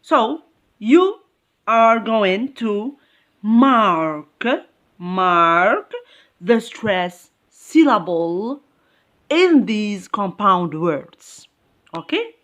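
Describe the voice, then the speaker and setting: Woman, English teacher, English, very slow, lively pitch, repeats herself, keeps checking understanding. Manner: non-native English phrasing. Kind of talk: classroom lesson.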